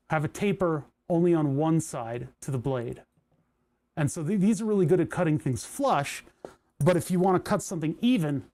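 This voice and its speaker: A man's voice: a little high, darkish tone. A man from New Jersey chatting casually on a live stream, rambling and chuckling as he thinks aloud while working on electronics. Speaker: livestreamer building electronics.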